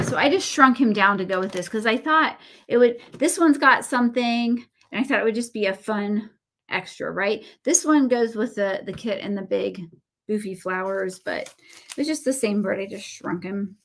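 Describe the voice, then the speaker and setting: A woman's voice: mid-range voice, moderate pace, fairly bright tone. A woman in her thirties with a Southern American accent, hosting a casual craft livestream and rambling through stories with lots of fillers and self-deprecating asides.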